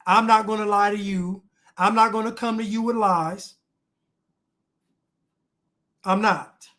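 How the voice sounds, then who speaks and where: A man's voice: sits high, steady tone, takes it slowly, bright, forceful tone. A man reacting to clips with blunt, emphatic commentary, repeating lines for emphasis.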